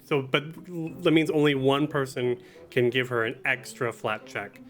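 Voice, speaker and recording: A man's voice: medium pitch, moderate pace, fairly bright tone. Man running a tabletop game. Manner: explains rules and reads them aloud. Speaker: game master.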